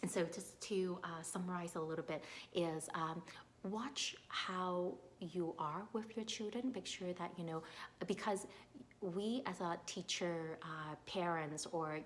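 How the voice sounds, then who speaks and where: A woman's voice: lowish voice, a little hiss or hum. A woman who teaches young children, giving earnest advice in an informal talk, with many fillers and frequent checks that she is understood. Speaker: early childhood educator.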